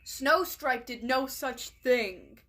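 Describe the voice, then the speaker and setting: A woman's voice: high-pitched, very slow, a bit bright, full character voice. A woman reading as a stern warrior she-cat deputy. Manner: firm, commanding, read out in storybook tone.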